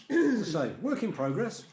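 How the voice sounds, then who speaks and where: A man's voice: sits high, very animated, unhurried, darkish tone, slight background noise. A man with a rambling, hesitant manner, chatting casually between songs at home as a folk musician. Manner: rambling, hesitant, with many fillers. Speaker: folk musician hosting a live stream. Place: home lounge. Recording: roomy room with instruments.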